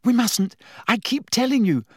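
A man reading aloud voices an anxious, insistent teenage girl wizard in a high, urgent voice. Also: expressive, normal speed, slightly rough, no room sound, studio quality, full character voice.

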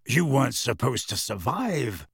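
A man voicing a grave, knowing adult godfather who explains things in a low voice. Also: very animated, unhurried, vocal fry, a bit bright, breathy edge, dry recording, clean studio sound, heavily acted. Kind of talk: audiobook character voice.

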